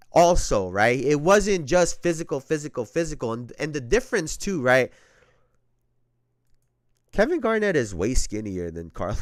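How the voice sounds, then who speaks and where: A man's voice: on the high side, no room sound, clean studio sound. A man hosting a sports podcast, talking casually and with a lot of profanity, often repeating himself and breaking into laughter.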